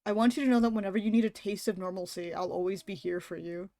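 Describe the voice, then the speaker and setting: A woman reading the lines of a gentle, soft-spoken young male love interest in a game, tender and softly teasing. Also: mid-range voice, fast talker, dry recording, close to an everyday voice.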